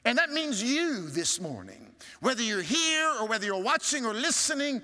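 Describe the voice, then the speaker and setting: High, lively preaching man in a reverberant church. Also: moderate pace, few pauses. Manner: preaching with sweeping rises and hushed drops. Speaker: pastor. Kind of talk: sermon. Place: large church sanctuary.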